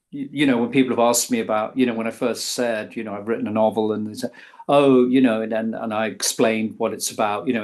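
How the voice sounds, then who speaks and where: A man, a guest author, talking in a casual interview, hesitant and full of restarts. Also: medium pitch. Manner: hesitant, many ums and restarts.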